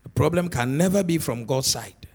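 Man, pastor preaching, high voice, lively swings from shouting to murmuring, repeats words for emphasis. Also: normal speed. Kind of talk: sermon.

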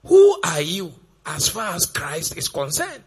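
A man preaching a sermon, firing off rhetorical questions in a gravelly, raspy voice. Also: high-pitched, huge pitch swings, measured pace.

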